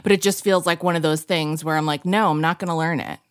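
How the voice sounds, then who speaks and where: Woman on a video call, dry wry humor, lowish voice. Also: steady tone, fast, no echo. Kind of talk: casual chat.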